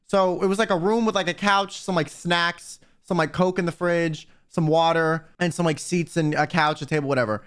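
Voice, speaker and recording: Young American guy, high light voice, chatty and rambling, lots of "like". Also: moderate pace, hardly any pauses, clean tone. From United States. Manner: rambling, filler-heavy, animated quoting. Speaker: streamer telling a story. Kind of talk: casual storytelling.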